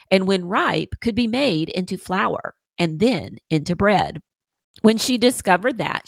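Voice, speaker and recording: A woman reads a children's story aloud with a lively, sing-song delivery, her pitch rising and falling all through each line. Her voice sits in a middle range. The sound is close and dry, with no room around it. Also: gravelly, no room sound. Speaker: podcast host reading a story.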